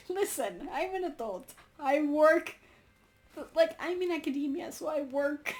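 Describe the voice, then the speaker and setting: Book vlogger, young woman, lively swoops, reads excerpts and gushes between them. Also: sits high, unhurried. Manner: gushing, laughs often, many fillers. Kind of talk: casual book review with read-aloud passages.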